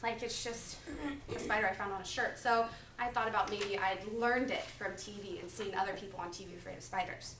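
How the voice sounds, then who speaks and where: A woman in her twenties giving a topical sermon as a preaching student, telling personal stories in a chatty, animated way full of "like". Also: mid-range voice, a little fast, a little hiss or hum. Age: 20s. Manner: chatty, animated, filler-heavy with lots of "like". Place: classroom. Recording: echoey classroom, mic far off.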